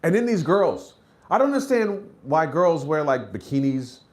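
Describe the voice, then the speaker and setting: A man doing a stand-up comedy set, acting out characters in high shouted voices and dropping to low mutters between bits. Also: very animated, normal speed.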